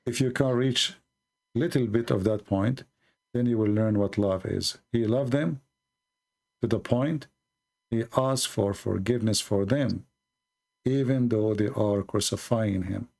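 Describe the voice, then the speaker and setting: Gravelly man preaching on a live call-in. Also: lowish voice, darkish tone. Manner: earnest, explanatory, halting with fillers. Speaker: host of a live call-in religious stream.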